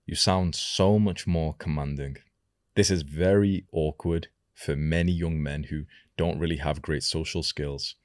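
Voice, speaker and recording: A young man coaching viewers in a direct-to-camera vlog, instructive and deliberate, demonstrating his own voice as he explains. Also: a bass voice, dry recording, clean studio sound. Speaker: self-improvement coach.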